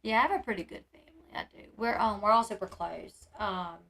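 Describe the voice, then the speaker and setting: A woman's voice: mid-range voice, fairly quick, creaky, fairly bright tone. A woman, chatting casually on a livestream and reading her chat aloud, with lots of "like" and "um". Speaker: streamer.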